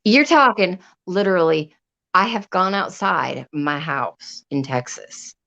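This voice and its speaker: A woman's voice: lowish voice, animated, slow, gravelly, pushed and bright. A woman hosting a livestream, chatting casually and rambling, with frequent swearing. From Upper Peninsula of Michigan. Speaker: livestream host. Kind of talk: casual chat. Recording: dull lo-fi sound.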